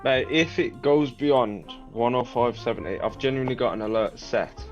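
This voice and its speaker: A man's voice: medium pitch, normal speed, lo-fi sound, faint music behind. A man co-hosting a live trading show, chatting casually with matey banter and calling his co-host "mate".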